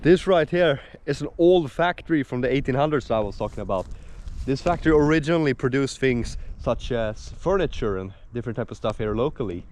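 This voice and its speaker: A man's voice: medium pitch, expressive, a little fast, darkish tone. A young man narrating his vlog to a handheld camera, chatty and rambling with plenty of fillers. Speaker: vlogger.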